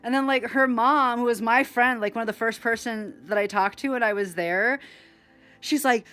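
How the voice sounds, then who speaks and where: A woman's voice: fairly high pitch, moderate pace, fairly bright tone, soft background music. Rambling, swearing woman telling club stories. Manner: rambling, filler-heavy, swears a lot, acts out others' lines. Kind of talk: casual storytelling.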